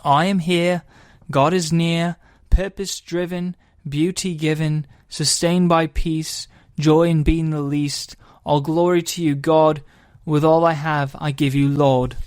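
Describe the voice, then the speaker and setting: Man doing a British accent, poem recital, slow and measured, higher voice. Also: steady tone, darkish tone, clean tone, no echo, clean studio sound. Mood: solemn. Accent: put-on British.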